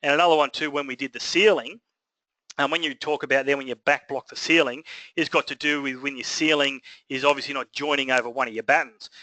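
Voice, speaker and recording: A man's voice: mid-range voice, bright, forceful tone, no echo, low-quality recording. A man with an Australian accent teaching a trades lesson in a rambling, conversational way with many fillers. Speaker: building trades instructor. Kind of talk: casual recorded lesson.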